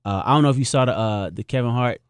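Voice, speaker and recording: A man's voice: medium pitch, fast talker, clean tone, no room sound, clean studio sound. A man chatting casually as an interview guest on the radio, laid-back and slangy, often laughing.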